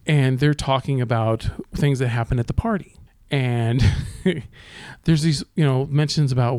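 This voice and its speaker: A man's voice: mid-range voice, steady tone, moderate pace, darkish tone, clear, resonant tone, no echo, clean studio sound. A man in casual podcast chat, telling rideshare driving stories with lots of swearing and laughter. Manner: profane, laughing storyteller.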